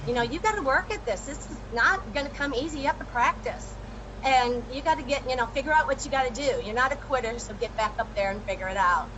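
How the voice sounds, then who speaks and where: A woman guest telling her own story in a lively, animated way during a casual chat. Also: high-pitched, fast, dull audio, noisy background.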